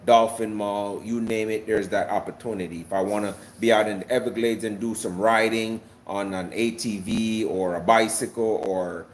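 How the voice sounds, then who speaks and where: A man's voice: fairly low pitch, steady tone, normal speed, few pauses, a little hiss or hum. Laid-back Jamaican-born man chatting live. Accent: American with a light Jamaican lilt. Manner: rambling, repeats words, answers chat. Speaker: livestreamer. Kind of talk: casual livestream chat. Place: South Florida.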